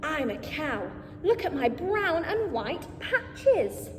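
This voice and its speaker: A woman voicing a friendly picture-book cow that moos and speaks slowly. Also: sing-song, darkish tone, echoey room, long reverb tail, slight background noise, full character voice. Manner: lowing, slow and friendly.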